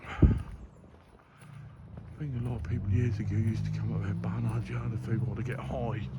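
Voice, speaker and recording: This Norfolk-accented vlogger, a man in his fifties from Norwich, England, has a lowish voice with little pitch movement and keeps a moderate pace. He mumbles and rambles through reminiscences on a walk by a river and city streets, recorded outdoors on a phone amid background noise.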